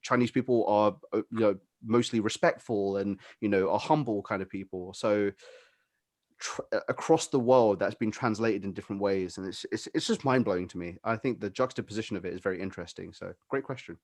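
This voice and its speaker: Podcast co-host, British man, lowish voice, loose opinionated rambling, dry close sound. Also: brisk, darkish tone, no echo. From Britain. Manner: rambling, opinionated, many fillers. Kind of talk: casual chat.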